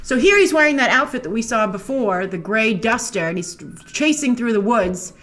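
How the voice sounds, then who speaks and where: A woman hosts a film trailer breakdown in an easygoing, chatty way. Her voice sits a little higher than most, and she keeps it playful and animated, thinking aloud and tossing in asides as she goes. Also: moderate pace. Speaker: film trailer reviewer and show host. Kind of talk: casual chatty commentary over a trailer.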